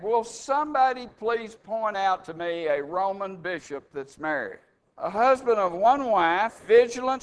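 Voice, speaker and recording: A man preaching with a high, resonant voice. He hammers his points home with rhetorical questions and mocking asides, and his voice rises to loud stresses. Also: clear, resonant tone. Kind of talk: sermon.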